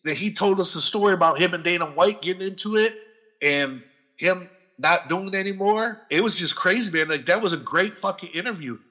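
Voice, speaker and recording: A man with a fairly high, very bright voice chats on a podcast. He tells a long story in an animated way, swears often and slips into other people's voices as he goes. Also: brisk. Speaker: podcast guest. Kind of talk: casual profane storytelling.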